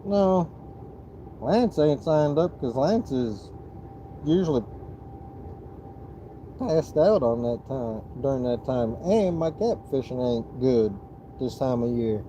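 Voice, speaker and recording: Slow-talking Southern man with a dark voice. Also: medium pitch, dull audio, a little hiss or hum. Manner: relaxed, rambling explanations with restarts. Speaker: fishing livestream host. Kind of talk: casual livestream chat.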